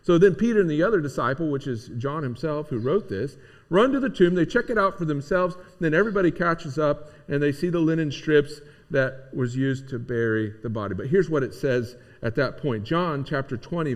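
A man's voice: a little high, animated, moderate pace. A man preaching a conversational sermon, talking informally to his congregation with frequent restarts. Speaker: pastor. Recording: long hall reverb.

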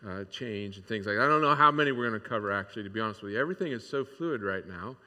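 A man's voice: fairly low pitch, animated, very fast, pushed and bright. A man preaching a sermon in a candid, conversational way, with many fillers and restarts. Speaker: pastor. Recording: long hall reverb.

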